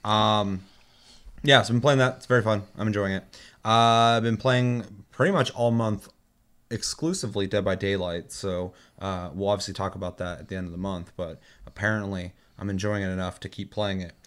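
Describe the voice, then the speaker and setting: Profane, rambling gamer man, low voice. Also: brisk, fairly bright tone, smooth. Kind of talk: casual gaming chat.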